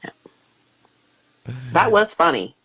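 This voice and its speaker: Low-pitched female co-host, easy playful chat. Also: big pitch swings, slow pace, a bit bright, slightly rough, poor audio. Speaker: podcast co-host. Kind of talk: casual banter.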